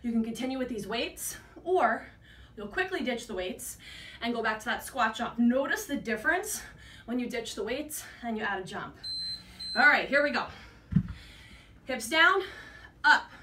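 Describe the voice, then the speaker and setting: A woman's voice: a little high, lively intonation, measured pace, pauses often, sharp tone, slight background noise. A woman fitness instructor leading a workout class, out of breath and encouraging as she counts reps while exercising. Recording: echoey room, mic at a distance.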